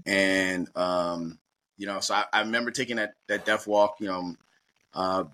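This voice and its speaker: A middle-aged man from Baltimore tells a personal story as an interview guest. His voice sits low but comes out bright and forceful. He keeps it animated and slips into the other people's lines as he goes. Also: measured pace. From Baltimore, USA. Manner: lively anecdotal, acts out dialogue.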